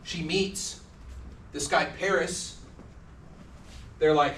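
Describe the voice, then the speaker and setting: A man's voice: a little high, brisk, fairly bright tone, a little hiss or hum. A man giving a university lecture in a casual, joking manner, acting out the people he quotes. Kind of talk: classroom lecture. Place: lecture hall. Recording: echoey lecture hall from a distance.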